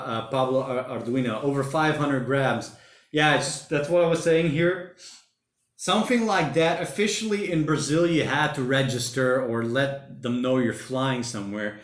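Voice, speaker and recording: Chatty man in an echoey room. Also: mid-range voice. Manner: rambling, chatty, uses slang like mate and bloody. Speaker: livestream host. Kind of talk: casual livestream chat reading viewer comments. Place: home during lockdown.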